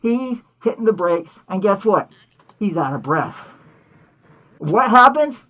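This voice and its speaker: A woman hosting a cartoon commentary, talking in an animated, indignant way full of rhetorical questions. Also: medium pitch, slow. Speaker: host.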